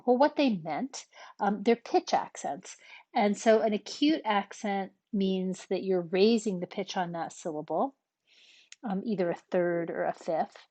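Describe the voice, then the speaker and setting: A woman with a mellow, medium-pitched voice teaches a language lesson in a relaxed classroom style, recorded without echo. She explains patiently, step by step, with frequent ums between points.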